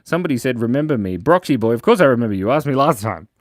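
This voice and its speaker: A playful man runs a live drawing lesson for kids, reading chat aloud and cracking jokes as he sketches. His voice swings lively up and down. The sound is dry and close. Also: mid-range voice, very fast, no room sound. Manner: playful, jokey, animated, reads chat aloud. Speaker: drawing show host.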